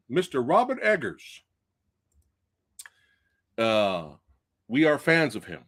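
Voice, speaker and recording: This is a male host of a live movie review stream who talks in a loose, chatty way and drops swear words without a second thought. His pitch swings widely as his excitement builds. He speaks straight to the viewers at home. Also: slow pace, long pauses. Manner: chatty, addresses viewers directly. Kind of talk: casual live-stream chat.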